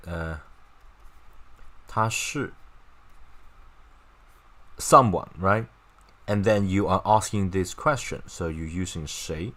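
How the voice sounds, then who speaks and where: A man's voice: sits low, slow pace, long pauses, fairly bright tone. A man runs an informal Chinese lesson. He talks in a loose, chatty way, keeps checking with "right?" and "okay?", and drops wry, mocking remarks along the way. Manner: wry, mocking asides with laughs. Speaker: Chinese language teacher. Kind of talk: casual online lesson.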